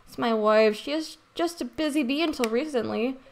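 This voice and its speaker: A woman's voice: sits high, normal speed, slight background noise. Woman doing a fretful old-fashioned husband.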